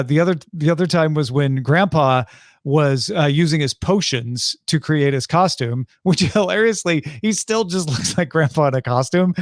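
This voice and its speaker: Guy cohosting a podcast, kinda high voice, chatty and animated, dry close mic. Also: no echo. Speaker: podcast co-host. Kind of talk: casual chat about a TV episode.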